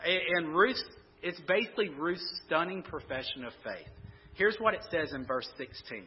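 A man's voice: a little high, animated, normal speed, slightly rough. A man preaching a sermon, conversational and repeating words as he thinks aloud. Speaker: pastor. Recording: muffled sound in a reverberant hall.

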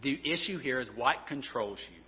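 A man's voice: mid-range voice, expressive, moderate pace. A man preaching a sermon as a pastor, earnest and often stumbling over and repeating his words. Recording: dull, reverberant hall sound.

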